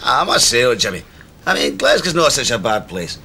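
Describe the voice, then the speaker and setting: An actor playing a joking Glaswegian whisky warehouse worker with a Glaswegian accent who loves banter. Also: male voice, mid-range voice, big pitch swings, a little fast, gravelly, bright, forceful tone, slightly rough, exaggerated voice. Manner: joking, banter, laughs at his own cracks. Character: cheeky Glasgow barrel-roller, a jokey football fan. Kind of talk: TV comedy drama acting.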